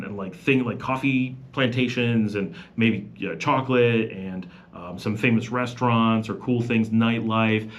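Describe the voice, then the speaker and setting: Rambling, lower-voiced man on a live stream. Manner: rambling, with many fillers and restarts. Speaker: vlogger hosting a live Q&A. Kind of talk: casual live-stream chat.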